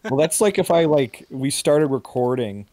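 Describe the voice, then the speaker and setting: A man in a loose podcast chat over a call, mid-pitched and unremarkable in tone. He rambles through tangents, swears freely and restarts his thoughts. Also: lively intonation, normal speed, warm tone. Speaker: podcast co-host. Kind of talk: casual chat. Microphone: video call.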